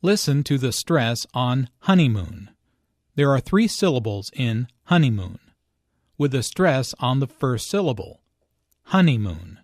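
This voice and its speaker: A man narrating an English lesson in a slow, deliberate, explanatory reading. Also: medium pitch, sing-song, dry recording, studio quality. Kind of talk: scripted language lesson narration.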